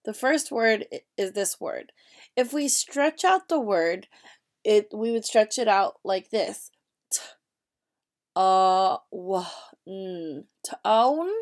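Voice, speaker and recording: Woman teacher walking little kids through a reading lesson, slow and clear, lots of questions to the class. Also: mid-range voice, animated. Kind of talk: reading lesson for young children.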